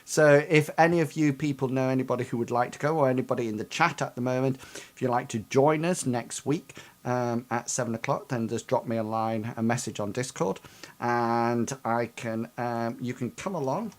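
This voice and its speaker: A man's voice: mid-range voice, moderate pace. A man narrating as game master of a tabletop game over voice chat, hesitant and full of ums. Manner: hesitant, filled with ums and likes.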